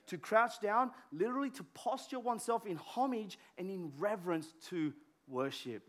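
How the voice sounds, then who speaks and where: A pastor preaching a sermon in a conversational way, full of fillers and restarts, dropping to a hush and rising to a shout. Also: male voice, high-pitched, lively intonation, normal speed, hardly any pauses. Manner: conversational, many filler words and restarts, swings from hushed to shouting.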